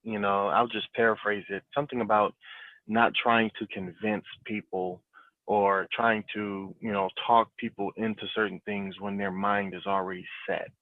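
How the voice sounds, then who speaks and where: Low-voiced man hosting over a tinny line. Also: flat delivery, normal speed, no echo. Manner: encouraging, rambling with restarts. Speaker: call host. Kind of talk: casual group call talk. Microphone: cell phone. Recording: tinny phone-line audio.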